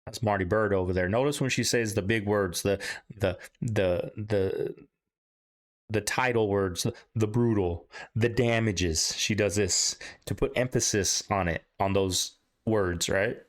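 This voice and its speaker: A man's voice: on the low side, unhurried. Emphatic man hosting a reaction video. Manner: emphatic, repeats words for stress. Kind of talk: casual reaction commentary.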